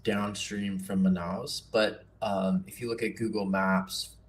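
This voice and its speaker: A man casually teaching nature journaling on a livestream, relaxed and chatty with self-deprecating asides. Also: fairly low pitch, unhurried, a little hiss or hum.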